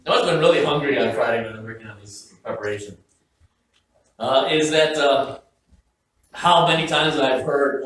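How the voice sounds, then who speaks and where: A man's voice: a little high, expressive, a little fast, fairly bright tone, very echoey, distant mic, rough recording. A man preaching a sermon as pastor in a casual, joking, conversational way, often stopping and restarting his sentences. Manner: conversational, joking, self-interrupting. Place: church sanctuary.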